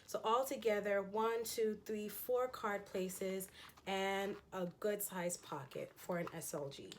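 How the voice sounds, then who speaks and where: A woman's voice: mid-range voice, steady tone, slow pace, slight background noise. A woman talking casually through a fashion haul in a chatty, enthusiastic way, with frequent ums and laughs. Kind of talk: casual haul chat showing items.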